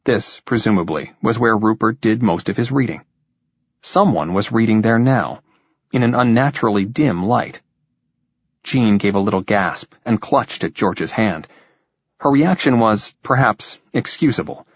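A man reading a novel aloud in measured, even scripted narration with a husky voice. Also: fairly low pitch, no echo. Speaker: audiobook narrator. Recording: dull, dry lo-fi recording.

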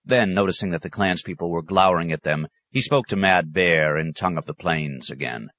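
Deep-voiced male audiobook narrator. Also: slight background noise. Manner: measured, even storytelling. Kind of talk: scripted narration.

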